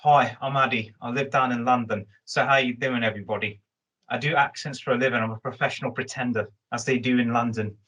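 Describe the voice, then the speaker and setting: A man's voice: medium pitch, steady tone, fast, fairly bright tone, far from the mic, natural voice, low-quality recording. A man putting on a Cockney accent, playing a chatty London man. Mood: breezy.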